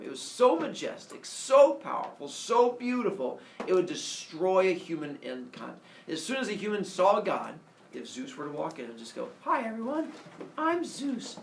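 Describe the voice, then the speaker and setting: Playful male teacher storytelling to a class; lively pitch, distant and roomy recording with faint hiss. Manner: animated, playful, acts out characters. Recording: echoey classroom from far off, faint noise.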